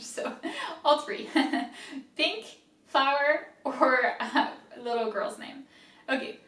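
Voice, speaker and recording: Slow, careful woman teaching pronunciation. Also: a little high, a bit bright, far from the mic. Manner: slow, careful syllable-by-syllable drilling. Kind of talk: casual video lesson. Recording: echoey room, a bit off mic.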